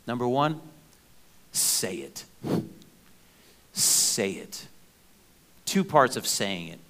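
A middle-aged man preaching a sermon in a conversational, animated way, with joking asides and playful sound effects. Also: a little high. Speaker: pastor.

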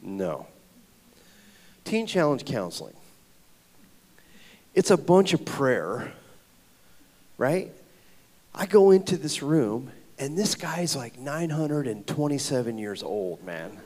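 A man giving a personal testimony at a ministry gathering, telling his story in a casual, slangy way, swinging between loud and whispered. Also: mid-range voice, very animated, slow pace, pauses often. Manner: casual, slangy storytelling with frequent 'like' and 'dude'. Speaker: guest speaker at ministry event.

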